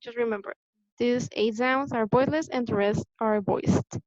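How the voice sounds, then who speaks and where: A woman teaching English pronunciation in a patient, deliberate way, repeating the key points for her students. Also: fairly high pitch, darkish tone, dry recording. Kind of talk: classroom lesson explanation. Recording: dull lo-fi sound, dry.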